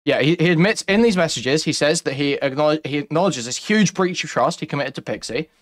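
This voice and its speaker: A man hosting a heated online debate, talking fast, mocking and interrupting his opponent. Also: a little high, expressive. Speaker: streamer host.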